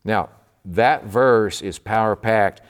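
A man's voice: on the low side, takes it slowly, clean tone. A man from Texas preaching a midweek sermon in a fervent, emphatic way. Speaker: pastor.

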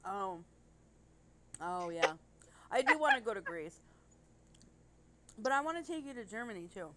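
A woman's voice: medium pitch, animated, measured pace, sharp tone, a little hiss or hum. A woman co-hosting a casual podcast chat, rambling and gushing, with casual swearing. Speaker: podcast co-host.

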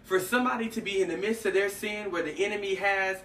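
A man's voice: high voice, quick pace. A man hosting a casual faith talk, telling stories animatedly and acting out what people said. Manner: animated storytelling, acts out dialogue. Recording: echoey room, mic at a distance, faint noise.

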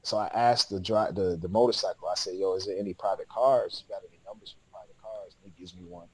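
A man's voice: sits low, fast talker, darkish tone, breathy edge, no echo, rough recording. A man, a podcast guest, telling a long story in casual, slangy speech with lots of laughter.

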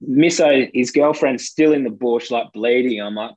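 A man's voice: mid-range voice, normal speed, darkish tone, no room sound, highs cut off. A young Australian man telling a rambling anecdote in casual chat, full of fillers. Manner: rambling, filler-heavy, laughs between lines. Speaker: storyteller.

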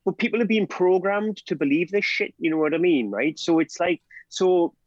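Fired-up Geordie bloke ranting on a podcast, bit higher voice, muffled dry recording. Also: male voice, no room sound. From Northeast England. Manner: animated, sweary, rapid rants peppered with "right?" and "do you know what I mean". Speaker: podcast guest, drug harm-reduction trainer. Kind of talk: passionate podcast conversation. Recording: dull, dry podcast audio.

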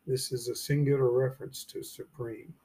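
A man teaching verse by verse through a scripture chapter, reading each verse slowly and then commenting with emphatic rhetorical questions. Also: mid-range voice, little pitch movement, warm tone, breathy edge. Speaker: Bible teacher.

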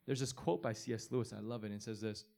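A man's voice: lowish voice, fairly even intonation, fast, vocal fry, a little mellow. A man, a pastor, giving an informal, earnest sermon in a conversational way, often restarting his sentences.

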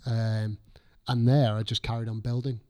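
A man's voice: medium pitch, flat delivery, normal speed, darkish tone. A man, a chef chatting as a guest, telling his story casually, swearing freely and acting out his own past thoughts. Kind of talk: casual podcast chat.

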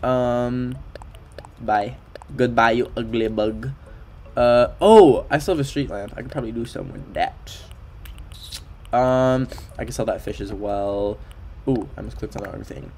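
A man's voice: mid-range voice, measured pace, darkish tone, slight background noise. A young man from Canada chatting casually while playing a video game on a livestream, playful and full of fillers, sometimes singing along in nonsense syllables. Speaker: streamer. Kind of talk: casual livestream gameplay chat. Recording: faint background game music.

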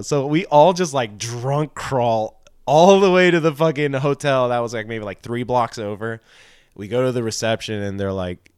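A man's voice: mid-range voice, normal speed, smooth, no echo, studio quality. Profane rambling man telling a story. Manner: profane, rambling, animated with quoted voices. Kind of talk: casual storytelling chat.

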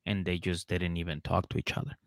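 A man with a fairly low voice, chatting casually on a podcast and hammering home his opinion about a reality show. The sound is dry and close, with no room echo. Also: completely flat delivery, fairly quick. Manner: emphatic, repeats his point, jumps into acted lines. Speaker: podcast co-host.

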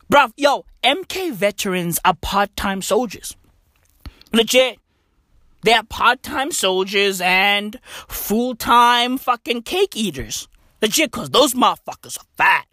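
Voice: mid-range voice, lively intonation, slow pace, no room sound, studio quality. Profane comic ranting. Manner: mocking, swears constantly, swings between loud and soft. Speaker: comedian.

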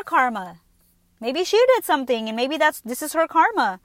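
A woman with a bright, high voice rants straight into the mic. She is blunt and swears freely as she tells her stories. The sound is dry and close, with no room around it. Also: moderate pace, no room sound. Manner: blunt, profane, animated storytelling. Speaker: podcast host. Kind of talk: casual ranting monologue.

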